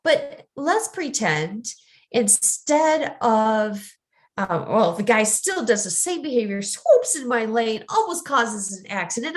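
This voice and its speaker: A middle-aged woman coaching viewers in a recorded lesson, talking slowly and earnestly. Her voice sits a little high, and she slips into short acted-out scenes to make her points. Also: very animated. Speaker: ADHD coach. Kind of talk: recorded teaching talk.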